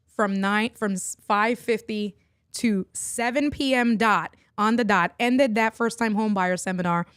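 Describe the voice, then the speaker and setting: A middle-aged woman talks casually to her livestream audience from her desk mic. She is chatty and quick to laugh, greeting viewers by name. Her voice sits at a middle pitch in a dry, close recording. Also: no echo. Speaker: livestream host and online entrepreneur.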